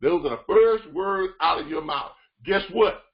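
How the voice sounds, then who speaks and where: A man leading a training call, coaching listeners with repetitive, animated talk. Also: high voice, a little slow, highs cut off. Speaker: freight broker trainer.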